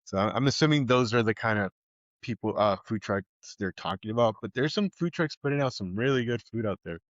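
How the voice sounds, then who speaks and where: Man, chef guest, low voice, laid-back, slightly muffled lo-fi sound. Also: brisk, dry recording. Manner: relaxed, laid-back talk with easy laughs. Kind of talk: casual podcast chat.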